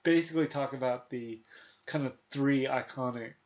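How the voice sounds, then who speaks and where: A man's voice: medium pitch, normal speed. Man in his thirties, movie talk host, rambling, filler-heavy, lo-fi sound. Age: 30s. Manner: rambling, many restarts and fillers, retells scenes. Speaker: podcast host. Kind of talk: casual movie review chat.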